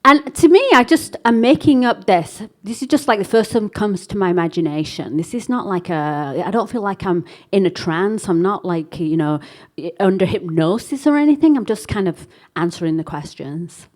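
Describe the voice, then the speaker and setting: A woman from England, telling a story to a live workshop audience in a chatty, animated way and acting out the dialogue. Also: mid-range voice, normal speed. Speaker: workshop speaker.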